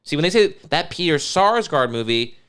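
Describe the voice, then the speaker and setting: A man's voice: on the high side, sing-song, normal speed, a bit bright, clean tone. A man co-hosting a podcast, bantering casually, teasing and arguing, swearing freely. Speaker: podcast co-host.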